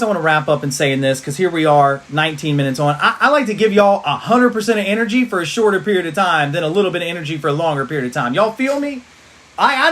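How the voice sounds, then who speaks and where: On a livestream, a high-voiced man fires up his team with a spirited pep talk, circling back to rallying phrases like a preacher.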